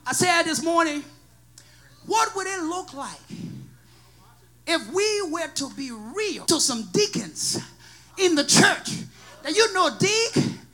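A man from Africa with an African accent, preaching a sermon with a personal testimony in a sing-song, shouting style. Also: very high voice, lively intonation, slow, pauses often. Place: church.

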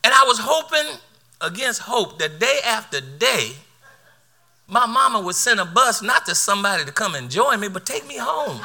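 High, bright-voiced preacher man. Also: sing-song, normal speed, vocal fry. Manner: storytelling, laughing through the tale, repeats words. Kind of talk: sermon with personal story.

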